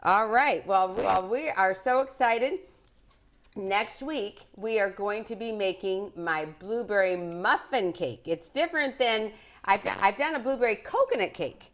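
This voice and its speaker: In her living room, a middle-aged woman hosts a live home cooking show, chatting cheerfully with kids and viewers. Her medium-pitched voice has lively intonation and a slightly slow pace.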